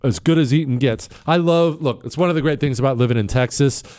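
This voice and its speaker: A man's voice: mid-range voice, fast, darkish tone. A man hosting a talk show, delivering an opinionated, emphatic monologue that rambles with plenty of fillers.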